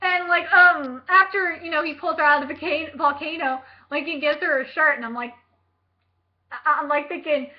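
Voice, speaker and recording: A young woman vlogger chatting about a book, gushing and excitable, with lots of fillers and casual swearing. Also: high-pitched, normal speed, lo-fi sound.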